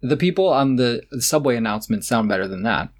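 A man's voice: medium pitch, expressive, brisk. A man co-hosting a podcast in casual chat, opinionated and sarcastic, often laughing as he talks. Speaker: podcast co-host. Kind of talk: casual chat about tennis.

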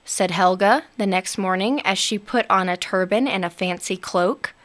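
A woman narrating a storybook aloud in an expressive, unhurried manner. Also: mid-range voice.

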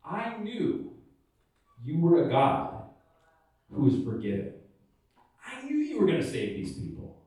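A man's voice: a little high, wildly swooping pitch, measured pace, long pauses, mellow. A man voicing the prophet Jonah as a sulky, indignant grown man who complains in a raised, whiny voice. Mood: sulky complaint. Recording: echoey room, far from the mic.

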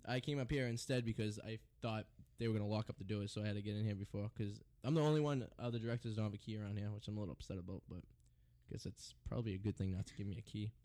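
A man's voice: on the low side, steady tone, racing, hardly any pauses, dark tone. A young man hosting a college radio show, rambling and joking, goading his co-host. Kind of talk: loose banter and singing on air.

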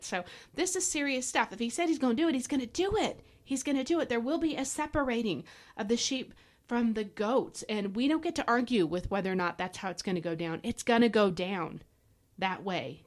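A woman hosting a devotional podcast, exhorting listeners in a fervent, preachy way. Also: mid-range voice. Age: adult parent. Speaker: podcast host. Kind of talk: devotional Bible teaching podcast.

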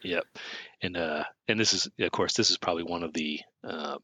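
A man co-hosting a podcast, chatting casually about a film he is watching, enthusiastic and quick to float theories. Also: sits low, sharp tone, dry recording. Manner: enthusiastic, theorizing, laughs often. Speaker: podcast co-host. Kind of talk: casual film commentary chat.

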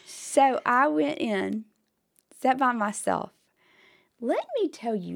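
A woman with a hoarse voice, co-hosting a podcast and telling a story in animated casual chat with whispered asides. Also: a little high, slow. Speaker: podcast co-host.

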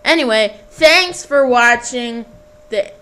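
A woman's voice: a little high, expressive, slow pace, a bit bright, low-quality recording. A woman hosting a homemade radio show in a rambling, self-deprecating, jokey way.

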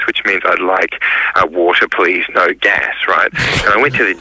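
A man's voice: low-pitched, steady tone, normal speed, bright, forceful tone, slightly rough, dry recording, poor audio. A man, a travelling radio correspondent, telling a rambling, self-mocking story in casual radio chat.

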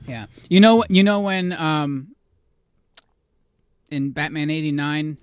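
A man's voice: a little high, takes it slowly, clear, resonant tone, no echo. A man co-hosting a podcast in casual chat, bantering easily and joking around. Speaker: podcast co-host.

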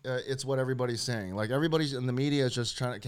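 A man's voice: mid-range voice, very fast, smooth. A man co-hosting an online talk show in loose, joking chat, swearing freely and laughing often. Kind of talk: casual chat.

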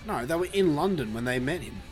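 A man hosting a casual film chat, laid-back and halting, with lots of fillers and swearing. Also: on the high side, lively intonation, soft background music. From Australia. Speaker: podcast host reviewing a film.

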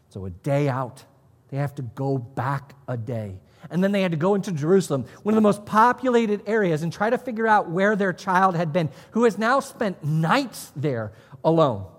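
Male pastor, a bit high-pitched, chatty animated preaching, recorded in a reverberant sanctuary. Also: slightly rough. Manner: animated, conversational preaching with asides. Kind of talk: sermon. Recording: long hall reverb.

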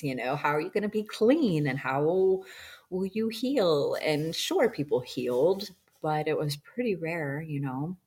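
A woman recounting a personal experience in a rambling, reflective way, full of ums and you-knows. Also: deep voice. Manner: acts out quoted dialogue in shifting voices. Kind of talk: personal storytelling about a past-life regression session.

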